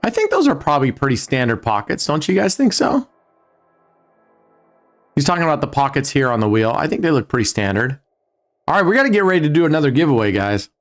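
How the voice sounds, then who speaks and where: Joking, profane man, live casino-stream host, low music under him. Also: sing-song, fast talker. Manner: joking, profane, talks to chat viewers. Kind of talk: casual live-stream chat. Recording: faint music behind.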